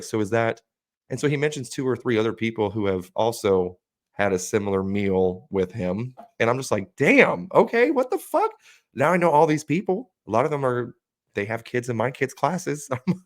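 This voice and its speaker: A man co-hosting a podcast, telling a story casually and animatedly, acting out what his friends said and swearing freely. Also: mid-range voice. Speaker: podcast co-host.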